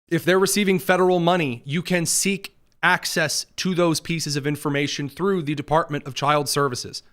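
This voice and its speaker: A man's voice: on the high side, moderate pace, a bit bright. A man hosting a political commentary livestream from a studio, talking with sarcastic, mocking asides. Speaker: host.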